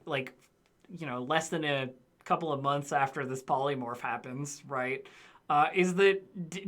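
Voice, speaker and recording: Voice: mid-range voice, bright, forceful tone. A game master chatting casually through a tabletop session zero, rambling with fillers. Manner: rambling, lots of fillers and laughs. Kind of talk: casual tabletop planning chat.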